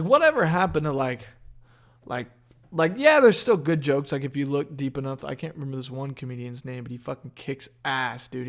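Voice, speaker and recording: A young man hosting a casual solo podcast outdoors, rambling and profane with lots of fillers. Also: a little high. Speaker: podcast host.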